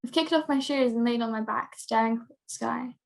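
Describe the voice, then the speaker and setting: A teenage girl reading her own prose piece aloud in a steady, measured way. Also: on the high side, gravelly. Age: teens. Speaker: young writer.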